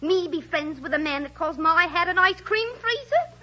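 An indignant Brooklyn wife. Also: female voice, extremely high pitch, expressive, moderate pace, sharp tone, exaggerated voice. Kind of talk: 1940s radio acting. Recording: lo-fi old radio broadcast.

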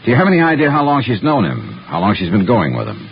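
An easygoing police partner in a vintage radio drama, asking quiet follow-up questions. His voice is low and gravelly, with lively pitch. The recording is dull and lo-fi, with faint noise behind. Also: fast, exaggerated voice. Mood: calm. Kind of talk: 1940s radio acting.

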